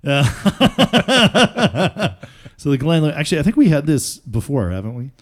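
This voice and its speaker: A man's voice: mid-range voice, expressive, rapid-fire, a little mellow. A man hosting a podcast in casual chat, joking and rambling with fillers. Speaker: podcast host.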